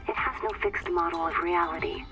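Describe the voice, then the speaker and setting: An actress playing a chaplain psychiatrist who questions in a calm, probing, quietly unsettling way in a game cutscene. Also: female voice, on the low side, fairly quick, over music, lightly acted.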